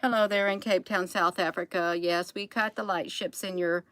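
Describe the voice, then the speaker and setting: A woman's voice: fairly low pitch, fairly even intonation, moderate pace, fairly bright tone, no echo, rough recording. A tired woman hosting a late-night livestream, folksy, repeating her phrases and calling viewers "you all". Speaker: channel host.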